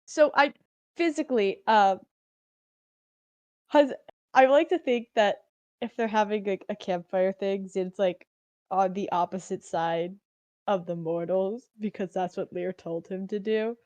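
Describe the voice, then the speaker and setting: A woman's voice: medium pitch, a little slow, darkish tone, no room sound, muffled recording. A woman playing a tabletop game who muses about her character in a tentative, casual way. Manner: musing, tentative. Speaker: player.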